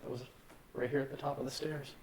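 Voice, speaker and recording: A man on a ghost hunt, talking in an alert hush and calling out to spirits. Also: mid-range voice, little pitch movement, quick pace, slight background noise, poor audio. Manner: hushed and alert, calls out to spirits. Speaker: guest paranormal investigator. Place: dark old building indoors.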